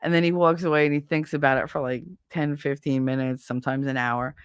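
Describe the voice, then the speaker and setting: In a very deep, smooth voice with a steady tone, a middle-aged livestream host rants a little fast and with plenty of profanity about her children and chores around the house. The sound is clean studio quality with no echo.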